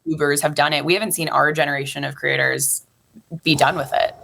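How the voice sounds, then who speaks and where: A young woman talking casually as a podcast guest, chatty and quick to laugh. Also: deep voice, little pitch movement, vocal fry, bright, forceful tone, slight background noise. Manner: laughs often, chatty, uses "like" a lot. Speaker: podcast guest, comedy creator. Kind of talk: casual chat.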